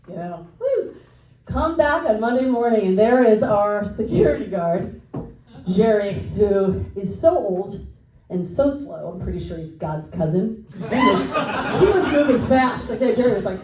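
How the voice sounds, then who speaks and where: A woman doing a stand-up comedy set in a comedy club, telling stories with quick asides. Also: on the high side, crowd noise. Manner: lively storytelling with quick asides. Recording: echoey club from a distance.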